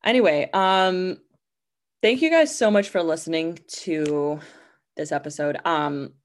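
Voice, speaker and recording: A young woman hosts her own podcast and rambles through a casual story. She has a slightly low voice and fills her sentences with "like." Her delivery is loose, candid and conversational. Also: measured pace. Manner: rambling, chatty, heavy use of "like" fillers. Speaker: podcast host.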